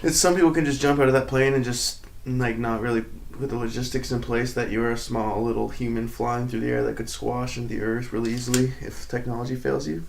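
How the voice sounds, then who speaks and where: A man co-hosting a podcast, chatting in a relaxed way and chiming in with short questions. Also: mid-range voice, a little fast, gravelly, hardly any pauses, slight background noise. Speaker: podcast co-host. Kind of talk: casual conversation.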